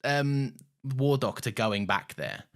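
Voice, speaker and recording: Excitable guy co-hosting a podcast, voice all over the place, swears and laughs a lot. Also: medium pitch, slow. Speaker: podcast co-host. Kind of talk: casual chat.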